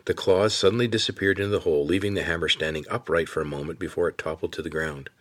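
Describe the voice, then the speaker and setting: Audiobook narrator: man, deep, husky, steady storytelling pace. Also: fast.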